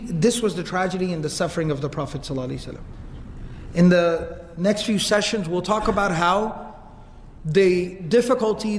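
A man giving a storytelling sermon as a religious lecturer, animated and often repeating words. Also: sits high, a little hiss or hum. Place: mosque hall, indoors. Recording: reverberant hall, faint ambience.

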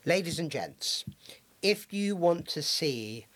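A man's voice: on the high side, very animated, slow, a bit bright. A man hosting a casual discussion, talking with many ums and restarts. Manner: hesitant, many fillers and restarts.

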